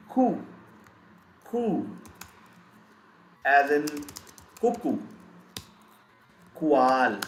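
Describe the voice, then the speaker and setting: Man, language teacher, slightly high voice, very slow and repetitive drilling of sounds; echoey room, faint keyboard clicks behind. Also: slight background noise. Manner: slow, repeats each sound several times. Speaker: German teacher. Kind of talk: live online language lesson.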